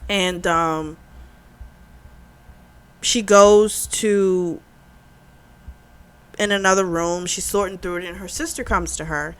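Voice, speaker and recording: A young adult woman who hosts a book club, retelling a novel's plot in casual, animated chat. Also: lowish voice, slow, pauses often, smooth. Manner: chatty, animated retelling with quoted dialogue and laughs.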